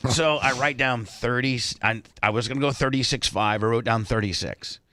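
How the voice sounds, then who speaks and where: A man's voice: mid-range voice, moderate pace, sharp tone, no echo, studio quality. A man from Indiana, a radio host, telling a long story on a talk show and acting out the other people's lines.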